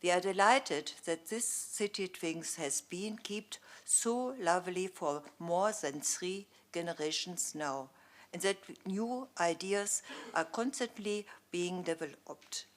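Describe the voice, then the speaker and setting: Casting: woman, German accent, lowish voice, careful formal greeting speech. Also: slight background noise. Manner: careful, slightly halting, clears throat. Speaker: visiting civic representative.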